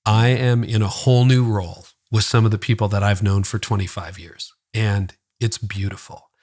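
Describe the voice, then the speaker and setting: A man's voice: fairly low pitch, steady tone, normal speed, darkish tone. A man who is a former pastor, talking candidly and earnestly in a podcast conversation, rambling a little and acting out the voices of people he quotes.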